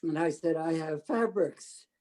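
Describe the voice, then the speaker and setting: Older New storyteller, talkative, mellow tone, slightly high. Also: male voice, a little slow, poor audio. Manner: talkative, animated quoting of others. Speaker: interviewee telling his life story. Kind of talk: storytelling oral history.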